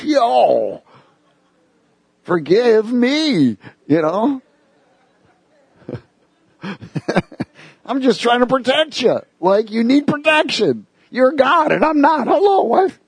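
A man doing a high boastful disciple. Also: slow, creaky, pauses often, breathy edge, dry recording, exaggerated voice. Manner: slangy, excitable, overprotective. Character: boastful eager young man, the disciple Peter.

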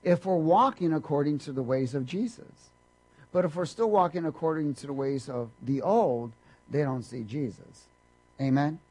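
A man preaching a sermon, quizzing his congregation and swinging between loud emphasis and hushed asides. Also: on the high side, normal speed, slightly rough, rough recording. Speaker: pastor.

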